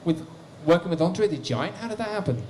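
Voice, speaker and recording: A man's voice: sits high, lively intonation, fairly quick, darkish tone, slight background noise. A man interviewing a guest at a convention, asking friendly questions. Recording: roomy echo in a convention hall.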